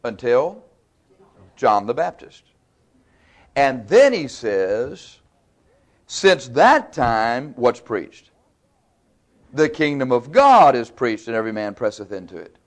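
A man preaching a sermon, asking his listeners questions and answering them himself, with loudness and pitch rising and falling. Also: very animated, takes it slowly, long pauses. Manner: varies pitch and loudness widely.

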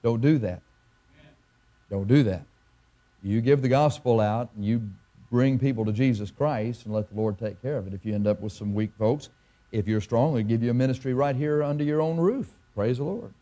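Mellow-voiced man preaching a sermon. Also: medium pitch. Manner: storytelling preacher, halting restarts, emphatic repetition. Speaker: pastor.

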